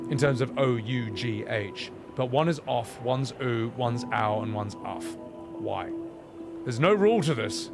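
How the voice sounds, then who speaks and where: A man's voice: medium pitch, gravelly. A man streaming a video game, commenting in jokey, profane rants to his chat.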